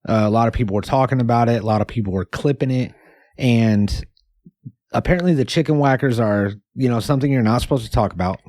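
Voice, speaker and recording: A man with a mid-range voice co-hosts a comedy podcast, delivering jokes deadpan with loose, rambling asides. The recording is close and dry, with no room sound. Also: medium pitch, fast talker, dry recording. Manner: deadpan joking, rambling with fillers. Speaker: podcast co-host. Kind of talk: casual comedy chat.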